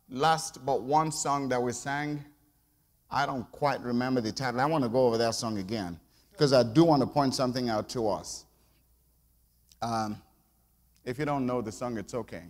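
Male preacher in a reverberant church. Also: mid-range voice. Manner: conversational, asks congregation to respond. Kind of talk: sermon. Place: church sanctuary.

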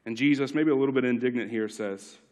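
A man as lead pastor giving a sermon, swinging from loud emphatic lines to hushed ones and repeating key lines. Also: mid-range voice, fast.

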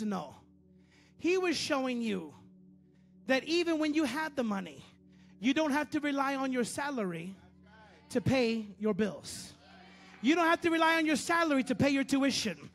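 A man with a strikingly high voice preaches a sermon, jumping from loud, driven lines to low, quiet asides. He repeats phrases over and over to drive them home. Soft music plays faintly underneath. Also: expressive, normal speed. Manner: preaches with sudden swings from loud bursts to low murmurs. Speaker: pastor.

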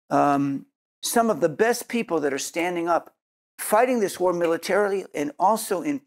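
Earnest man preaching a sermon. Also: a little high. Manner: earnest, repeats words while searching for them. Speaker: Messianic Jewish teacher. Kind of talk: sermon with closing prayer.

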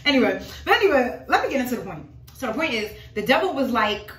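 Woman vlogging about faith, kinda high voice, dramatic and emphatic, echoey room. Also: big pitch swings, quick pace, fairly bright tone. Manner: emphatic, dramatic, addresses viewers as y'all. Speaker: religious vlogger. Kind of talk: casual preaching to followers.

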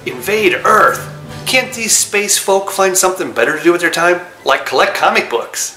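A man's voice: sits high, lively intonation, a bit bright, pitched above the performer's own voice. A cheerful, goofy robot dog hero tossing off puns and one-liners in a raised, bouncy voice, as a man puts him on. The room rings with echo, and music plays behind. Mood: wisecracking. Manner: punchline jokes, cheerful and quick.

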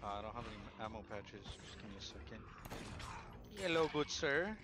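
A man's voice: on the low side, animated, brisk, background noise. A man playing an online game with friends, bantering in a cocky, slangy way. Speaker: gaming teammate. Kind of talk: casual gaming chat.

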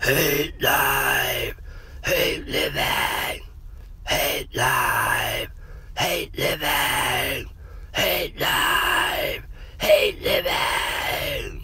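A man voicing a mob of undead corpses in a horror story, chanting in a breathy, drawn-out way. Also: mid-range voice, pushed and bright, raised voice, voice pushed up, exaggerated voice. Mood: menacing chant.

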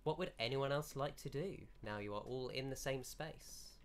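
A man running a tabletop game as game master, narrating scenes in a measured, descriptive way. His voice sits at an everyday middle pitch. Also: a little hiss or hum.

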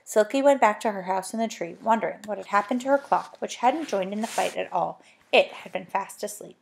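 A woman reading a children's storybook aloud, gentle and chatty, with little asides to the listener. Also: mid-range voice, brisk, creaky, a little hiss or hum. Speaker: narrator.

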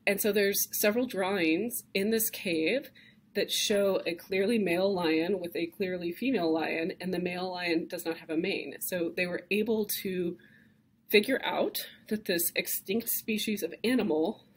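A woman's voice: on the low side, normal speed, husky. A woman lecturing a class on cave art, speaking conversationally and enthusiastically with frequent fillers and restarts.

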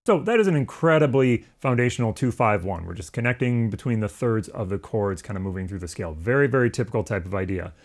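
A man's voice: fairly low pitch, expressive, quick pace, hardly any pauses. A man teaching a music lesson in a casual, explanatory way, now and then singing rhythms on syllables. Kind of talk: instructional lesson.

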